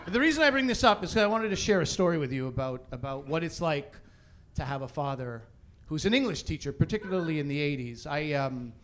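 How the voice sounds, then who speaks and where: A middle-aged man from Canada performing a stand-up comedy set, animated, with loud bursts of exasperation as he acts out other people. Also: fairly high pitch, fast talker.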